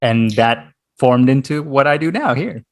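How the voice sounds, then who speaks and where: A man from the United States with a mid-pitched voice hosts a relaxed interview chat. He talks hesitantly, with plenty of fillers and soft laughs, and he is heard over a video call. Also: measured pace. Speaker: podcast host, interviewer.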